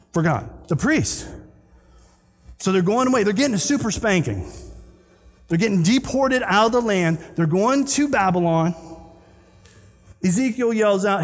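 A man's voice: sits high, expressive, measured pace, long pauses. A male pastor preaching a sermon, asking the congregation questions and answering them himself. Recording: long hall reverb.

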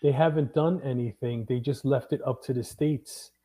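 A man's voice: medium pitch, fairly even intonation, normal speed, warm tone, husky. A man co-hosting a casual talk show, blunt and wisecracking, who keeps cutting in. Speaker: podcast co-host. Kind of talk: casual banter.

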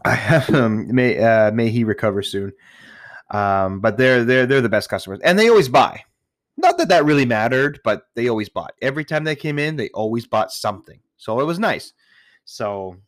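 In a casual monologue to his listeners, a retail worker with a lowish voice goes on nonstop, swearing plenty and often starting sentences again. The audio is studio quality with no room sound.

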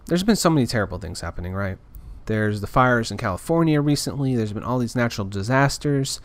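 A man's voice: mid-range voice, lively intonation, fairly quick. A man talking in a casual, rambling rant, frustrated and full of restarts. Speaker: podcaster. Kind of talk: casual ranting monologue.

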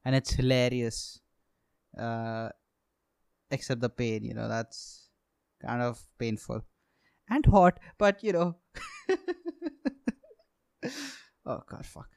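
A man's voice: mid-range voice, slow, gravelly, pauses often, darkish tone, smooth, no room sound. A young man hosting a solo comedy podcast, telling a story in a profane, self-mocking way and acting out heated quotes. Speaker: podcast host, aspiring stand-up comic.

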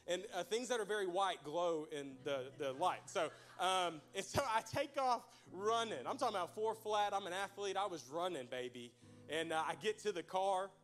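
A man's voice: high voice, animated, normal speed, fairly bright tone, faint music behind. A young man preaching a folksy, joking sermon to his church. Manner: folksy, joking, addresses crowd as y'all. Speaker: pastor.

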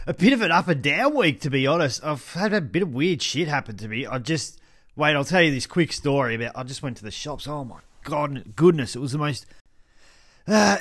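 A man's voice: fairly high pitch, a bit bright. An Australian man hosting a podcast with a stuffy nose from hay fever, telling stories in a chatty way, laughing often and swearing freely. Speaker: podcast host. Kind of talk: casual solo storytelling.

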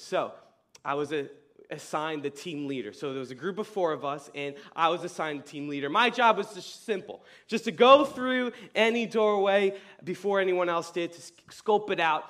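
A young man preaching a casual youth sermon, telling stories in slang with a voice that leaps up high and loud. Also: normal speed. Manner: animated storyteller, casual slang, voice jumps high and loud in retold scenes. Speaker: youth pastor.

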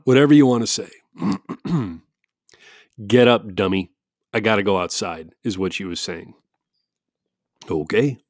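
At home, an American man with a mid-range, darkish voice rambles casually into a studio-style microphone, restarting sentences, chuckling and adding mock-quoted asides. The sound is studio quality with no room sound.

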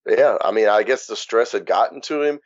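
A man's voice: fairly low pitch, fairly quick. Plain-spoken man from Louisiana. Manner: plain-spoken, matter-of-fact storytelling with restarts. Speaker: guest. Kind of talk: candid personal account. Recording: dull, muffled dry recording.

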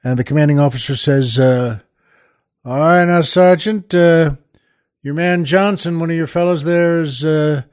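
A man's voice: on the high side, measured pace, darkish tone. A man hosting a podcast, telling jokes in a rambling, chuckling way with many restarts and fillers. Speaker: podcast host. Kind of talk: casual joke telling.

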